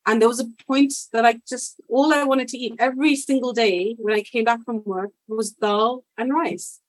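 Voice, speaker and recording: A woman's voice: a little high, fairly even intonation, normal speed, dry recording, low-quality recording. A woman born in India talking as a podcast guest in casual interview conversation, reflective and full of fillers and restarts, laughing often.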